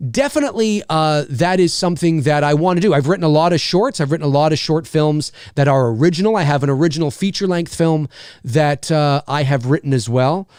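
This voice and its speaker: A man's voice: on the high side, brisk, a little mellow, smooth, dry recording, studio quality. A man in his thirties hosting a casual livestream, rambling and laughing as he answers viewer questions. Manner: rambling, laughs often, restarts lines. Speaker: livestream host. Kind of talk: casual live chat.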